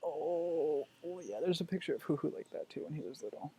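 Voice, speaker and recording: A man, chatting casually on his vlog at home while cooing to his dog in soft baby talk. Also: fairly high pitch, expressive, fairly quick, breathy edge. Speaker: vlogger.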